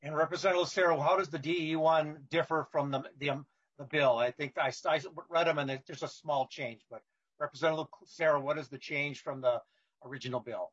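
A husky man runs a committee hearing in a fairly high voice, moving through procedure with the odd filler. The sound is dull and lo-fi. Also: fairly even intonation, fairly quick, a bit bright. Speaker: committee chair. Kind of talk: chairing a legislative hearing.

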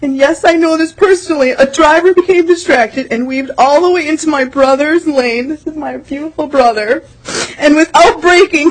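A woman's voice: sits high, normal speed, rough recording. A woman testifying at a legislative hearing, earnest and pleading, her voice tearful and breaking as she repeats her main points. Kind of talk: emotional public testimony.

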